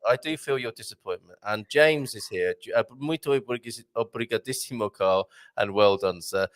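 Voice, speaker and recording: A man's voice: on the low side, normal speed. An English man hosting a live chat show, joking and laughing often. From England. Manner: jokey, animated, laughs often. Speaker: host.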